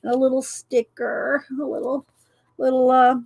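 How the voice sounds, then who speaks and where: A woman's voice: high voice, little pitch movement, moderate pace, gravelly, a little mellow, dry recording. A woman, chatting casually on a livestream and reading cards aloud, stumbling over names as she goes. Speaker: channel host.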